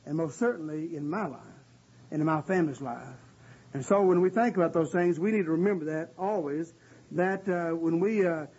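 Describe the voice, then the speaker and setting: A man preaching a sermon and explaining scripture in an earnest, conversational way, often pausing with "uh.". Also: high voice, a little mellow, breathy edge. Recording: dull lo-fi recording.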